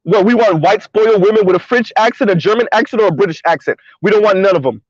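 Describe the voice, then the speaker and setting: A man's voice: high-pitched, fast, no echo. A man giving opinionated commentary in an emphatic, sarcastic way, repeating his points, talking from his car. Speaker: commentary vlogger. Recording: dull lo-fi recording.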